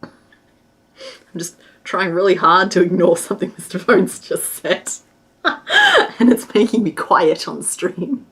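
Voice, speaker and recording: A woman's voice: lowish voice, slow, pauses often, breathy edge. A woman hosting a crochet livestream, chatting casually and giggling while she answers chat and counts stitches aloud.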